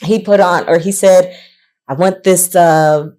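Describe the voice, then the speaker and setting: A woman's voice: fairly low pitch, steady tone, unhurried, darkish tone. A woman co-hosting a podcast in casual chat, moved and sometimes choked up as she talks. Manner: emotional, chokes up while speaking. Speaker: podcast co-host.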